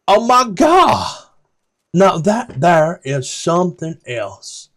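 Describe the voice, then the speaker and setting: A man with a Scottish accent voicing an excitable woman guide, exclaiming in a high, drawn-out voice. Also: full character voice. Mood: excited.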